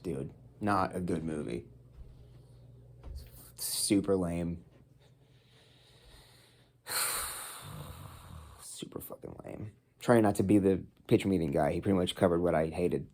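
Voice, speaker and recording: A man's voice: deep voice, a little slow, long pauses. A man in his thirties from the United States, ranting casually about a film into his phone while cooking at home, swearing often and rambling. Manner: swears a lot, rambling and exasperated. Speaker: vlogger reviewing a film. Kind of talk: casual rant.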